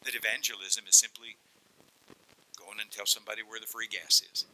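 A middle-aged man preaching a sermon, telling stories animatedly and dropping to hushed whispers. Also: fairly low pitch, level tone, brisk, low-quality recording. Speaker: pastor.

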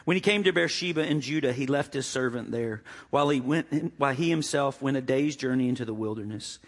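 A man preaching a sermon as pastor, an animated storyteller who jokes and acts out the quotes. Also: mid-range voice, brisk, in a large hall.

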